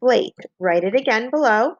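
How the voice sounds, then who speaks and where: A woman teaching a phonics lesson to young children, slowly and patiently dictating and spelling out words. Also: medium pitch, animated, no room sound, highs cut off. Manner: slow, clear, patient dictation with repeated words.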